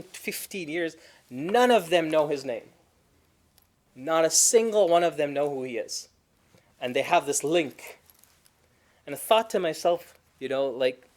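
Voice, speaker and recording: Guy teaching quran, chatty, acts out people, middle pitch, quick arabic recitation. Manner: animated storytelling, acting out quoted spouses. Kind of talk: conversational Quran class.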